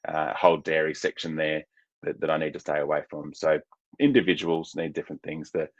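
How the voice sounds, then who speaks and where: A man's voice: very deep voice, fairly even intonation, a little fast, no room sound, dull audio. A man, presenting a mental health webinar as a coach in a casual, chatty way, full of fillers and restarts.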